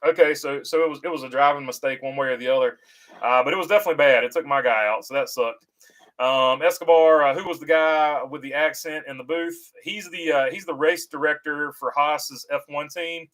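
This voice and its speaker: A man's voice: medium pitch, a bit bright, poor audio. Easygoing man hosting a chat stream. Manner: halting, frequent "uh" fillers and restarts; easygoing, reassuring to viewers. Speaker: host reading viewer comments. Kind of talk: casual livestream chat about racing.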